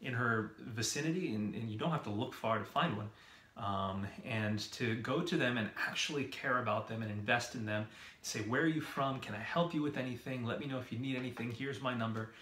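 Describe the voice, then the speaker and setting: A man's voice: medium pitch, brisk, a bit bright, roomy sound. A man co-hosting a video series, explaining ideas in a casual way and posing repeated rhetorical questions. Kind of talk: casual explanatory talk to camera.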